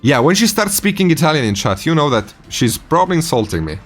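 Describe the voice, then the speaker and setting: A man in his forties hosting a casual live stream, animated and teasing, laughing often. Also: a little high, fast talker, faint music behind. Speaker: streaming host.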